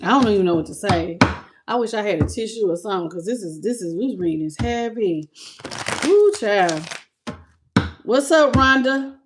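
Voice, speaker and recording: A woman's voice: medium pitch, expressive, moderate pace, background noise. Emotional woman giving a live tarot reading. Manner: emotional, greets viewers by name, colloquial. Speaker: tarot reader.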